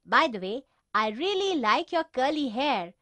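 A woman's voice: sits high, big pitch swings, measured pace, pushed and bright, no room sound, full character voice. A woman reading the lines of a big schoolboy in a children's storybook, teasing at first and later shy.

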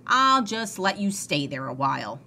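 A woman's voice: mid-range voice, very animated, moderate pace, bright, forceful tone, slight background noise, heavily acted. A woman voicing a cheerful, literal-minded housekeeper who talks in a folksy, matter-of-fact way.

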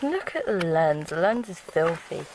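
Slow, singsong young woman. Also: on the low side, very animated, noisy background. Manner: affectionate, coos at the puppy. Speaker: vlogger and dog owner. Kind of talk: casual home vlog chat. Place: at home indoors.

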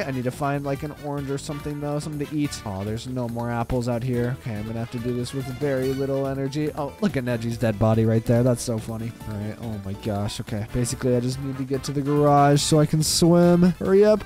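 A young man giving excitable, frustrated commentary while playing a game. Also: medium pitch. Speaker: gaming video creator.

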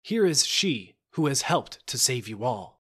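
A man reading a fairy tale, voicing a clever young squire who speaks with calm, teasing confidence. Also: medium pitch, normal speed, lightly acted. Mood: proclaiming.

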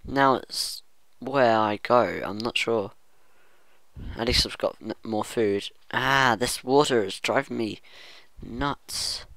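Guy rambling thru a let's play, talks real slow, dry close sound. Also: medium pitch, gravelly, fairly bright tone, no room sound. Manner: rambling self-talk, hums and muses aloud. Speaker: gaming channel host.

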